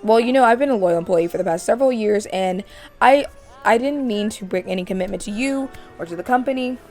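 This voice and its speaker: A woman's voice: medium pitch, fast, a little mellow, natural voice. A woman voicing a nervous young male music producer who hesitates and stumbles over his words. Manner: hesitant, stammering.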